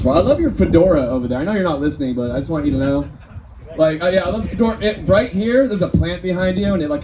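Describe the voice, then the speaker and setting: Slight background noise sits under this man's mellow, higher-than-average voice. He's a Northern California comedian doing a stand-up set at an indoor restaurant comedy night, full of rambling, conversational crowd work.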